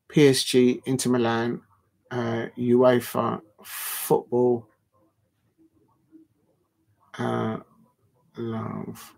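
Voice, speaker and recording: Here a male watch-along host with a mid-range, fry-tinged voice banters with viewers during a live football stream, reading out their comments. He rambles with plenty of fillers and restarts, and every protest sends his voice jumping up.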